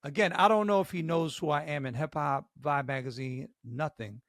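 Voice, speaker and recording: Gravelly-voiced man telling an animated story. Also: on the high side, normal speed, no echo, studio quality. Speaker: podcast co-host. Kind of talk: storytelling on a podcast.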